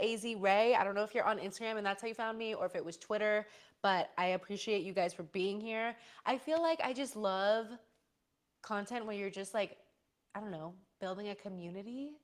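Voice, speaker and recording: A young woman chatting casually on a live stream, rambling through stories and answering chat with playful slang. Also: mid-range voice.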